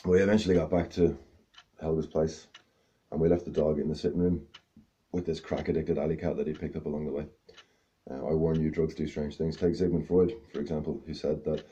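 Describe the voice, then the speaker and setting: A man's voice: rumbling low, mellow, highs cut off. A man doing stand-up, telling a long rambling story with self-mocking asides. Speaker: stand-up comedian.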